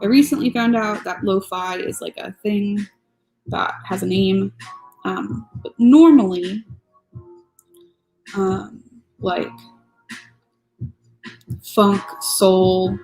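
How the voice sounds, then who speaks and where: A woman's voice: medium pitch, slow pace, gravelly, long pauses, low-quality recording. A woman streamer chatting casually and grumbling playfully while she builds a model. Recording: soft music playing behind.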